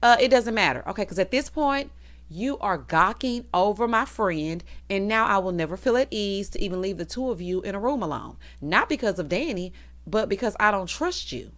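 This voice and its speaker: Sassy woman with a lively, swooping pitch. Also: fairly quick. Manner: sassy, teasing, calls listeners honey and child. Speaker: TV episode recap reviewer. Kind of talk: comedic recap chat.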